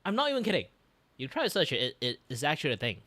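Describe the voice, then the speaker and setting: Art streamer, casual reaction chat, very lively pitch, dry close sound, rambling. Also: very fast, dry recording. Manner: rambling, many fillers, animated.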